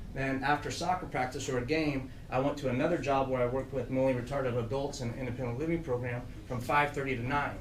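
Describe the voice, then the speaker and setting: A man's voice: medium pitch, distant mic, slight background noise. Middle-aged man telling stories in an echoey room. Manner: storytelling, animated, laughing through funny parts. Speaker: program director speaking to youth trainees. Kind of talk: motivational talk to a group. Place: room with an audience.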